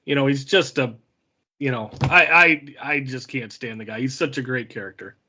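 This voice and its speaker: A man's voice: medium pitch, moderate pace, sharp tone, slight background noise. A man co-hosting a casual podcast chat who is chatty and retells scenes with lots of "like" and "you know". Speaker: podcast co-host.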